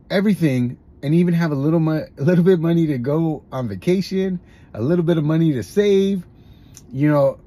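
A man's voice: fairly high pitch, mellow. A man hosting a podcast, talking candidly in a confessional monologue with frequent restarts. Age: adult, has a grown son. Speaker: podcast host. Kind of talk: personal monologue about recovery.

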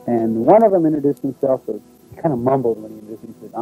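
A man telling his own experience in a documentary, recalling it in halting, unpolished speech with restarts. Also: mid-range voice, animated, dark tone, faint music behind, poor audio. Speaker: eyewitness recounting his experience. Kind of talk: first-person testimony in a documentary.

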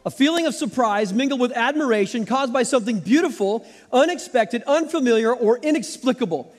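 A middle-aged male pastor from Arizona delivers a sermon in a strikingly high voice. He weaves personal stories and playful asides to his congregation. The sound rings out with the long reverb of a large church hall. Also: animated, fairly quick, soft background music.

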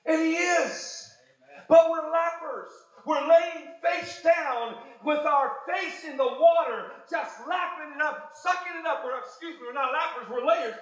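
A man preaching a sermon as pastor, fervent, swinging between shouted exhortations and low, quiet asides. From United States. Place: church sanctuary. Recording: very echoey church hall.

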